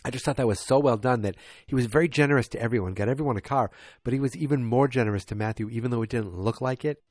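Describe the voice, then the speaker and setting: A man's voice: medium pitch, quick pace, darkish tone, no room sound, studio quality, soft background music. Tired, rambling man recapping a sitcom. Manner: rambling, many fillers and restarts; acts out quoted lines in a raised voice. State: tired, yawning. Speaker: podcast host. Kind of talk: casual episode recap.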